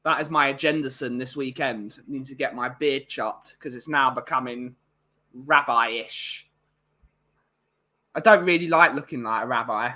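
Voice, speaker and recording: A man's voice: mid-range voice, unhurried, sharp tone. A man chatting casually on a live stream, rambling with lots of fillers.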